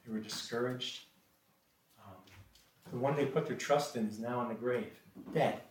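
A man's voice: medium pitch, moderate pace, slight background noise. A man preaching a sermon and reading scripture, often hesitating with repeated words and ums. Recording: echoey room from a distant mic.

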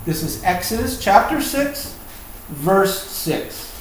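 High-voiced Virginia preacher in an echoey room. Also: male voice, big pitch swings, slow, distant mic, slight background noise. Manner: emphatic, repeats key points, folksy asides. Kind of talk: Bible teaching sermon.

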